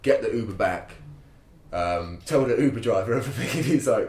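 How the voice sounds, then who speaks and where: A man's voice: fairly low pitch, fairly quick. A young man telling a rambling, sweary story with laughs in a casual chat. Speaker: podcast guest telling a story. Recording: roomy echo.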